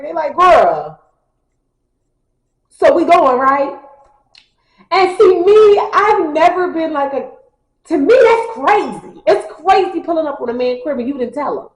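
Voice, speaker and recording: A young woman tells a personal story casually, slangy and animated, acting out her friends' lines. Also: on the high side. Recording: echoey room.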